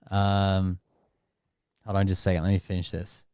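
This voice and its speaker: A man's voice: deep voice, flat delivery, moderate pace, darkish tone, clean tone, no echo, clean studio sound. A man doing casual, sarcastic live-stream commentary, mocking and swearing as he reacts.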